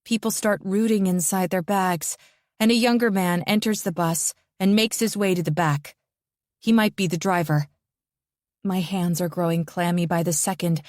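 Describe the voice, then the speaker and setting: A woman narrating a first-person psychological thriller audiobook in a tense, measured way. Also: on the low side, darkish tone, dry recording, studio quality.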